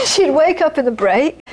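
A middle-aged woman with a high voice gives an informal dharma talk on Buddhism to an audience. She is chatty, laughs often, and repeats phrases for emphasis. The recording quality is low.

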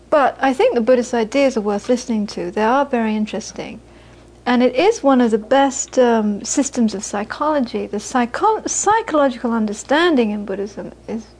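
A woman with a high-pitched voice leads a Buddhist teaching session. She tells anecdotes, laughs easily, and repeats key phrases for emphasis. She speaks in the loose, conversational manner of a dharma talk given to a live audience. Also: darkish tone, poor audio.

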